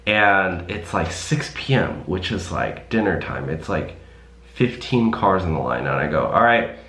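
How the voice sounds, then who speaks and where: A man's voice: deep voice, expressive, a little slow, a bit bright, echoey room. A man, a rideshare driver, casually telling a rambling story to camera with many fillers and restarts.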